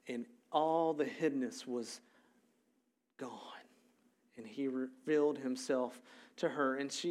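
Chatty animated male preacher, higher voice. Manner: conversational, animated storytelling with frequent fillers. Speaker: pastor. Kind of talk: sermon.

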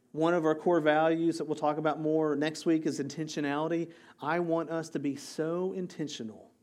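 A male pastor preaching a sermon, energetic and repeating key phrases for emphasis. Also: on the high side.

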